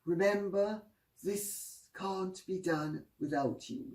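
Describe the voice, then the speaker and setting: A woman's voice: mid-range voice, darkish tone. A woman hosting her own channel, telling anecdotes in a wry, gossipy manner. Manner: gossipy, wry, drawn-out phrasing. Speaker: host. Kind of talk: casual storytelling commentary. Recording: roomy, distant mic.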